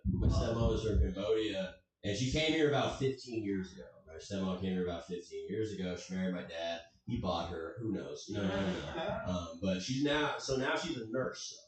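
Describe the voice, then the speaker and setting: Southern guy rambling thru a standup bit, lively pitch, echoey club mic far off. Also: moderate pace. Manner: rambling, self-correcting delivery. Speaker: stand-up comic and show host. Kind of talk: stand-up comedy set.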